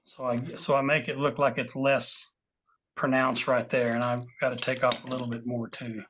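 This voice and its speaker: A man's voice: medium pitch, level tone, moderate pace, a bit bright, a little hiss or hum. A man teaching a woodcarving class online, patiently explaining each step as he works, with small asides to his students. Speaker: woodcarving instructor. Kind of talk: live online class demonstration. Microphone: video call. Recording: dull lo-fi video call audio.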